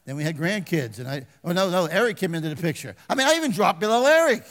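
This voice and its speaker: An older man preaching a folksy sermon as pastor, swinging from loud exhortation to hushed asides and calling for amens. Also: sits high, very animated, quick pace. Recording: long reverb of a large hall.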